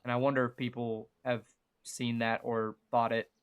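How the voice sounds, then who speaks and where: A man's voice: medium pitch, level tone, normal speed, smooth, dull audio. A young man from the Southern United States with a mild Southern American accent, chatting casually and rambling with lots of fillers while livestreaming a game. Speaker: gaming livestreamer.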